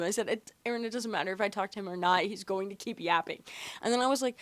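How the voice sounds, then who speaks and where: A woman's voice: mid-range voice, quick pace, dry recording. Chatty young woman, dry close sound. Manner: chatty, animated storytelling with frequent fillers and swearing. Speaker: podcast host. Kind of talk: casual chat.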